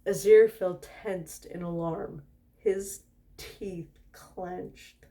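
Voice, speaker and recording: A woman's voice: on the low side, fairly even intonation, takes it slowly, mellow. A tipsy woman doing a storytime reading, giggling and breaking off with asides and laughter.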